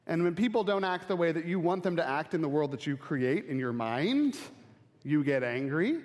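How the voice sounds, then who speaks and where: A man preaching a sermon as pastor, talking in a conversational, animated way and acting out little quotes. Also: fairly high pitch, in a large hall.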